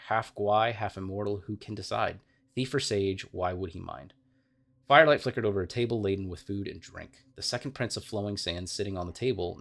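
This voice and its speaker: A man with a fairly low voice reads game lore aloud while he plays. He stumbles often and corrects himself, with casual, apologetic asides. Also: gravelly. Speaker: let's play gamer.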